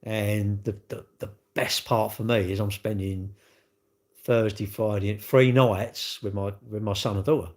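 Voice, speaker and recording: A man's voice: on the low side, fairly even intonation, a little slow, a little mellow. A British man in his fifties, a used car dealer, rambling bluntly and swearing in a casual live-stream chat.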